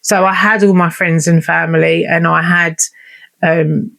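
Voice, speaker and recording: A woman's voice: lowish voice, little pitch movement, measured pace, gravelly, a bit bright. Candid woman telling her story. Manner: candid and unfiltered, swears, acts out remembered conversations. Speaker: vlogger. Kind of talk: personal storytelling monologue.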